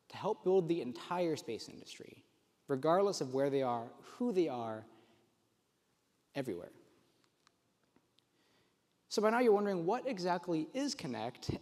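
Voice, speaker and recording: A young man gives a conference talk with eager, explanatory energy, now and then stumbling into fillers and restarts. His voice sits a little higher than most men's, and it carries through a large room with a long reverb tail. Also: darkish tone. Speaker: conference presenter. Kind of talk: technical presentation.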